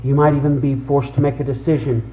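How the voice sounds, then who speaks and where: A man's voice: medium pitch, little pitch movement, fast, warm tone, dull audio, slight background noise. A man preaching a fervent sermon, calling on listeners by name and rising into a chanted, sing-song delivery. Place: church sanctuary. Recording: echoey church room.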